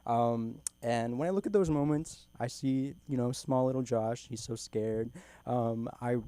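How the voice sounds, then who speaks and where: A man's voice: mid-range voice, unhurried, warm tone, clear, resonant tone, no room sound. Giggly young man doing open-mic stand-up. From California. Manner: giggles through his own jokes, loose rambling delivery. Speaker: stand-up comedian. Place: small comedy club.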